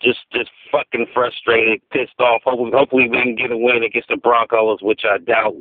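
A man's voice: mid-range voice, level tone, fairly quick, no room sound. A man calling in from Los Angeles, venting angrily and cursing about his team's losing streak. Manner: angry, profane venting. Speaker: caller. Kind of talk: call-in voicemail rant. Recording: tinny phone line.

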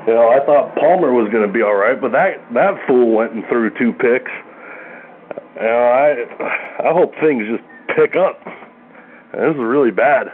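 A man's voice: medium pitch, unhurried, a little hiss or hum. Dejected male caller on a tinny line. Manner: dejected, casual, profane. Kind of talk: voicemail message.

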